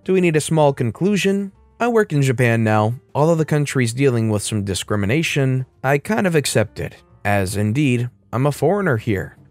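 A man's voice: medium pitch, big pitch swings, moderate pace, hardly any pauses, no echo, faint music behind. Man narrating online stories, dry voice. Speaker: storytime narrator. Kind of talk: scripted narration of an online story.

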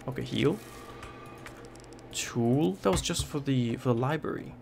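Music plays behind a man whose medium-pitched voice carries vocal fry and runs a little slow. He's a gaming YouTuber in a horror game, jumpy and swearing, panicking and repeating phrases whenever he's scared.

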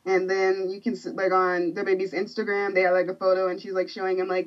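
A woman joining a podcast as a guest, telling stories quickly with lots of "like"s. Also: medium pitch, monotone, highs cut off. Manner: rapid storytelling with many "like"s. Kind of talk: casual chat.

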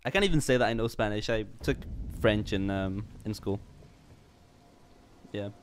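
Faint jazz and slight background noise sit behind a young streamer's fairly low voice at normal speed. He chats casually during his game livestream, rambling goofily, mocking himself, and restarting sentences with a stammer.

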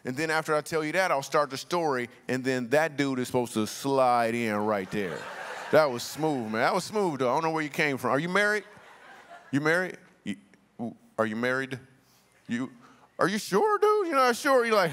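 A man's voice: medium pitch, expressive, fairly quick, a bit bright. A man giving a guest sermon in a casual, joking way, bantering with the congregation. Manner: conversational, jokey, bantering with the crowd. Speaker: guest speaker. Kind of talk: comedic sermon. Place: large church hall. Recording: live sermon with long hall reverb.

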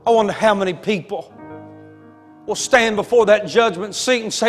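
High-voiced preacher in a hall. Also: male voice, moderate pace. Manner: dramatic storytelling, rising to shouts. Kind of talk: sermon. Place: church sanctuary. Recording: long hall reverb with faint music.

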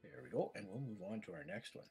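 A man's voice: mid-range voice, very animated, fast talker, vocal fry, mellow, soft background music. A man with a Canadian accent, calling bids as an auctioneer in a chatty, repetitive way. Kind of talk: live virtual-world auction calling.

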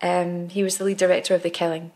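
A woman's voice: fairly low pitch, little pitch movement, fast, a little mellow. A woman actress, a podcast guest, telling candid stories in casual conversation with frequent restarts.

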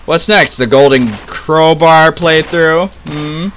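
A young man giving loud, excitable, swearing commentary as he plays a game. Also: fairly high pitch, takes it slowly, a little hiss or hum. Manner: excitable, swearing, laughing a lot. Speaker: gamer. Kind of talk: let's play commentary.

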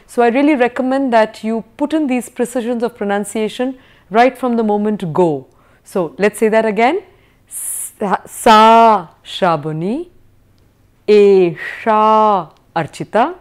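Woman teaching sanskrit on video, slow careful drills, voice swoops up a lot on questions. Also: mid-range voice. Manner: slow, deliberate drilling with exaggerated pronunciation. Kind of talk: recorded video lecture.

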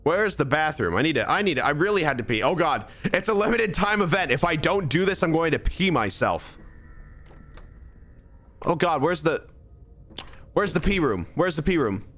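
A man's voice: fairly high pitch, animated, moderate pace, a bit bright. A young man streaming a horror game, chatting and joking to himself as he plays. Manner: chatty, jokey, talks to himself. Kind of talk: live gameplay commentary.

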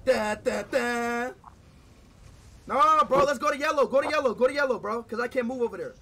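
Rich: A male streamer with a very high, bright voice swings his pitch wildly while shouting over a mobile game. His talk is loud, hyped and full of fast repeated words, with faint noise underneath. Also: expressive. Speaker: live streamer. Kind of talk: excited gaming livestream chatter.

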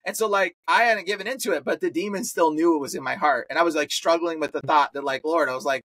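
Male podcast guest, high and bright, slangy animated storyteller. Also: quick pace, no echo. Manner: animated, slangy, full of fillers. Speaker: exorcist guest.

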